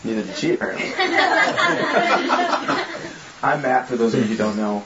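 A man's voice: on the low side, normal speed, over a noisy crowd, very noisy. A man leading a small group with an informal, joking yet earnest sermon and prayer. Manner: casual, joking, earnest preaching. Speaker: group leader and preacher. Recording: echoey room, slightly dull sound.

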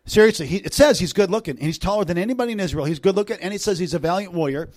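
With a high voice and a racing delivery, a middle-aged guest preacher addresses a church congregation. His sermon is animated, swinging from loud bursts to hushed, intimate moments, punctuated by joking asides.

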